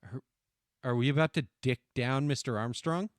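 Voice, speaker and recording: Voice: mid-range voice, moderate pace, dry recording, clean studio sound. A game streamer reading dialogue aloud and joking around, playful, swearing often, trying out silly voices. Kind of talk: casual gameplay commentary reading dialogue aloud.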